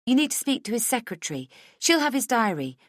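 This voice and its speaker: A woman voicing a confident, relaxed and friendly wife answering her home phone. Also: on the high side, fast, no room sound, studio quality, pitched above the performer's own voice.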